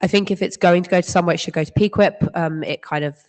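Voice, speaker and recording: A woman who is losing her voice speaking hesitantly, with many pauses, at an open microphone in a meeting. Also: on the low side, darkish tone. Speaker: meeting participant. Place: large meeting hall. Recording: long hall reverb.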